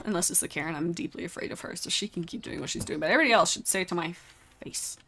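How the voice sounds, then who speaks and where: A woman's voice: on the low side, quick pace, a bit bright. A young adult woman chatting casually through a live game stream, exclaiming often and talking straight to her viewers.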